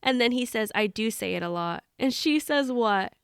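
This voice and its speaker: Young woman, podcast co-host, casual book chat, animated, laughing, dry sound. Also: fairly high pitch, normal speed, clear, resonant tone, dry recording. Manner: animated, laughing, acts out quotes in hushed voices.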